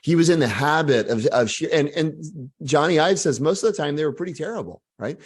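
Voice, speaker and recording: A man from Texas, in his forties, speaking as a guest author in a casual interview, animated and full of asides and jokes. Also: fairly high pitch, a little fast, few pauses, slightly rough. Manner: energetic, animated storyteller with frequent asides and self-deprecating humor.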